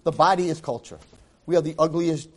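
A man, a rabbi, giving a lively Torah class, acting out quotes and dropping Hebrew phrases into his English. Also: a little high, brisk. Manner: animated, acts out quotes and shouts for emphasis. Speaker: rabbi and teacher.

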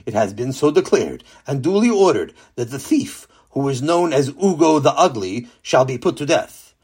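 A man voicing a proud royal knight who declaims proclamations loudly. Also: medium pitch, sing-song, normal speed, slightly rough. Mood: proclaiming. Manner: loud, declaiming.

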